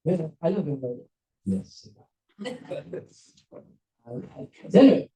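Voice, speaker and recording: A man, a rabbi, giving an animated storytelling talk to a seminar audience, acting out characters as he goes. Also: on the high side, measured pace, long pauses, echoey room, recorded from a distance, rough recording. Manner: animated, acts out characters with voices and laughs. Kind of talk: lively storytelling lecture.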